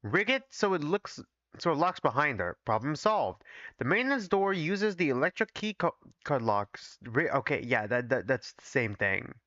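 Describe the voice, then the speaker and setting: Chatty male streamer reading a game aloud, higher voice, slightly lo-fi dry desk-mic audio. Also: sing-song, moderate pace, a bit bright, dry recording. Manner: chatty asides, self-corrections. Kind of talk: casual reaction commentary while reading.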